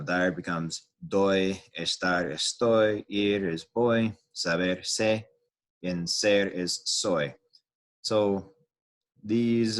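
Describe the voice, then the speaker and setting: A man explaining a lesson as a teacher, casual and unhurried, pausing with fillers and restarting phrases. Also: deep voice, fairly bright tone. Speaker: Spanish teacher. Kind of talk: classroom-style lesson explanation.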